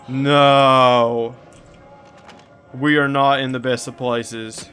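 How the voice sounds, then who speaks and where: A man giving frantic commentary while playing a horror game, swearing and shouting at what chases him. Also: mid-range voice, little pitch movement, very slow, long pauses, faint music behind. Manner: panicky, swearing, yelling at enemies. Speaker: gaming video creator.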